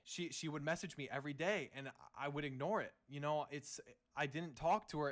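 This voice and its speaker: A young man making a defensive apology statement, halting with many restarts. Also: fairly high pitch, a bit bright. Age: young adult.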